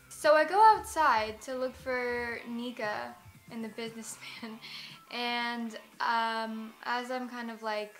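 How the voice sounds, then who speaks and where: A woman's voice: a little high, a bit bright. A young American woman in a casual vlog, telling a story in a rambling, self-mocking way, full of "like". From United States. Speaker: vlogger.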